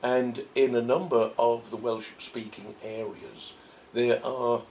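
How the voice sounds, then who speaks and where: An older man from Norfolk talks at a middle pitch, picking his words slowly and circling back with restarts. He is a priest answering questions from an audience, thoughtful and unhurried. A faint hiss of ambience runs beneath him. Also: fairly even intonation, a little mellow. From Norfolk, England. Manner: thoughtful, rambling, with frequent restarts. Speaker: priest and convention guest.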